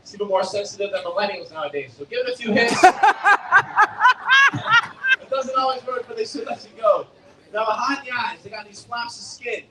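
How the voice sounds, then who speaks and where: Young male gator-show presenter, high tenor, cracking jokes at a crowd; distant echoey outdoor capture. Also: fast talker. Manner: joking, quizzing and teasing the audience. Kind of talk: live animal show talk to a crowd. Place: outdoor alligator show arena at a theme park.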